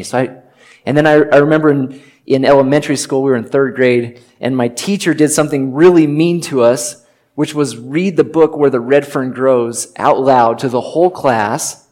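A middle-aged pastor preaches a sermon in a mid-range, darkish voice at normal speed. He shares personal stories earnestly and conversationally, tossing in the occasional joke.

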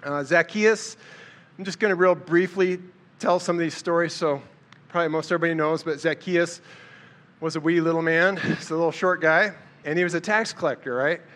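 A man's voice: a little high, steady tone, a little fast, a bit bright. A man giving a casual, conversational sermon, telling Bible stories and acting out the lines of the people in them. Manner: conversational, storytelling, acts out quotes with a raised voice. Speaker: preacher.

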